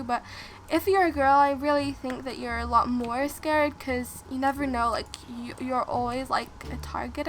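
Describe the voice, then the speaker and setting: A woman's voice: sits high, fairly bright tone, slight background noise. A woman vlogger telling a story in a chatty, rambling way with lots of restarts while playing a game. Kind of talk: casual storytime while gaming.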